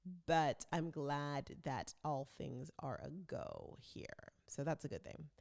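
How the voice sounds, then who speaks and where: A woman's voice: sits low, lively intonation, slow pace, gravelly, a little mellow. A woman hosting her own vlog, chatting casually and rambling along as a self-described talker. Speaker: vlog host. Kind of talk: casual chat.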